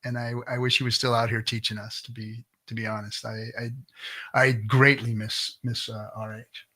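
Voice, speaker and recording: Man, middle-aged, livestream host, blunt, profane, bright voice, casual rant. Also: medium pitch, little pitch movement, normal speed. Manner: blunt, profane, restarts often. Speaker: livestream host reading chat.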